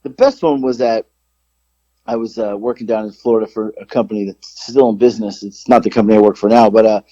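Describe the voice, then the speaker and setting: A man co-hosting a podcast, telling stories in casual chat, swearing freely and jumping up in pitch when he quotes himself. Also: fast, dry recording. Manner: animated storyteller, jumps high when quoting himself, swears freely. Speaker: podcast co-host. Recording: slightly dull lo-fi sound.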